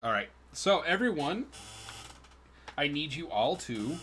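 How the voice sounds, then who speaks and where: A man's voice: fairly high pitch, sing-song, slow, a bit bright, slight background noise. A man running a tabletop game as dungeon master for friends, casual and self-deprecating as he calls for rolls.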